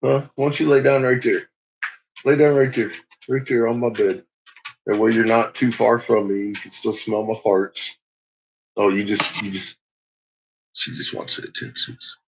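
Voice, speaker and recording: A man rambling casually in a home vlog, swearing a lot and laughing often, dropping to low mutters and rising to loud shouts. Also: steady tone, moderate pace, pauses often. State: uses bottled oxygen. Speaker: vlogger. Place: at home with a dog. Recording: dull lo-fi home recording.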